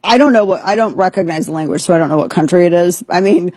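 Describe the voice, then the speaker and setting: A woman hosting a talk radio show, reacting to a clip with incredulous jokes and quick asides. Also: on the low side, darkish tone, slightly rough, no echo. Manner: incredulous, joking, rapid asides. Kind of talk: casual talk show banter.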